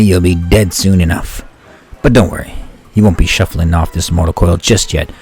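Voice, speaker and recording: A man's voice: low-pitched, lightly acted. Man doing a taunting monster ship captain. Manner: taunting, mock-cheerful threats. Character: gloating monster ship captain, menacing male jailer. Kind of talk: reading game dialogue aloud.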